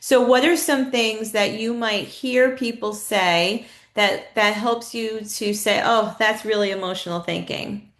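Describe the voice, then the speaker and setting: A woman's voice: medium pitch, a little slow, a bit bright. A woman leading a live online training in a conversational way, asking her audience questions and reading their chat replies aloud. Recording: echoey room.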